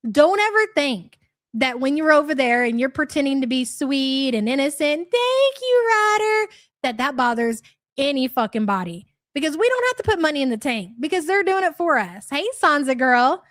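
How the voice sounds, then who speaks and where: A woman's voice: sits high, animated, moderate pace, fairly bright tone, dry recording, studio quality. A young woman hosting a live reaction stream, blunt, sarcastic and profane as she comments and greets viewers. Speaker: streamer host.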